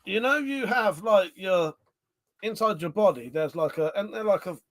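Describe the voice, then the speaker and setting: A man chats on his own livestream, his fairly high voice swinging up and down with a lot of life. He rambles through stories, trips over his words and swears freely as he reads out viewer comments. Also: animated, normal speed. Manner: rambling and sweary, with many fillers and restarts. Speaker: livestream host. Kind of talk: casual live-stream chat, reading viewer comments aloud.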